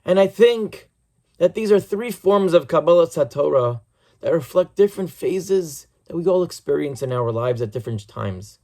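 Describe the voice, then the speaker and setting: High-voiced rabbi preaching. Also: male voice, lively intonation, mellow. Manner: earnest storytelling, measured and reflective. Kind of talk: sermon.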